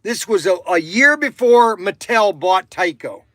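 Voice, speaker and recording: A middle-aged man talks casually on a livestream from his shop. His voice sits high and bright, and he speaks loudly and slowly. He repeats himself often and drops an "okay" after nearly every point. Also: lively intonation, no echo. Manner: loud, repetitive, peppers talk with "okay". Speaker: toy shop owner hosting a livestream.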